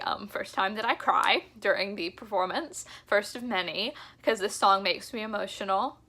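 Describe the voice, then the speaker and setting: A young woman vlogging in a casual, enthusiastic chat to camera, talking fast and laughing often. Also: medium pitch, pushed and bright. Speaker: music vlogger.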